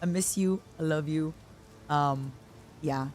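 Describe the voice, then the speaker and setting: A woman's voice: low-pitched, slow pace, darkish tone, a little hiss or hum. A woman streamer in casual chat, teasing and rambling playfully at a desk mic.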